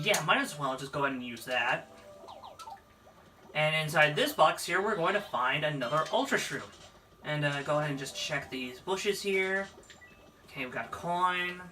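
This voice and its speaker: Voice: mid-range voice, sharp tone, far from the mic. A let's play narrator giving casual, rambling gameplay commentary, with game music behind. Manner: rambling, laughs often.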